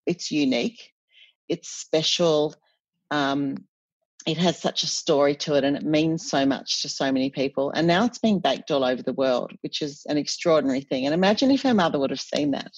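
A woman, an interview guest chatting in an animated storytelling way with frequent self-corrections. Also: sits low, moderate pace, husky, dry recording. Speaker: cookbook author guest. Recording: dull, dry podcast audio.

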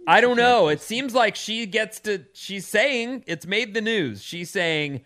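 A male radio co-host with a bright, forceful voice that sits a little high. He chats loosely, reading out odd news items and riffing on them with his partner. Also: animated, slow pace, few pauses. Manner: chatty, reads out news stories. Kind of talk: casual chat.

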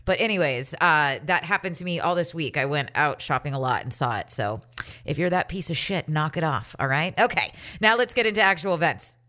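A woman's voice: deep voice, animated, a little fast, bright, forceful tone. A woman hosting a solo podcast, nasal and stuffy from allergies, ranting in a profane, sarcastic, rambling way. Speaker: podcast host.

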